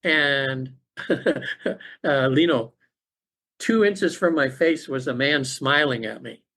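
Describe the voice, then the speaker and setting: A man's voice: mid-range voice, bright, forceful tone. Earnest middle-aged man telling a story. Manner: halting, earnest, with many restarts. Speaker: podcast guest, afterlife facilitator. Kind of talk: personal storytelling in conversation.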